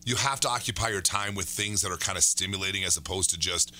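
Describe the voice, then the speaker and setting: A man co-hosting a fitness chat show, talking in a casual, joking way. His voice sits a little low but has a bright, forceful edge. He teases and rambles in quick bursts. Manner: joking, teasing, talks in quick run-on bursts. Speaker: fitness podcast co-host.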